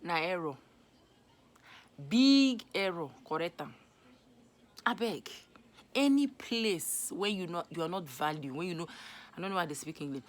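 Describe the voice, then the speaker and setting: Young Nigerian woman, casual vlog monologue, animated and scolding, lowish voice. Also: moderate pace. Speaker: vlogger. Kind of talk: casual Pidgin advice monologue.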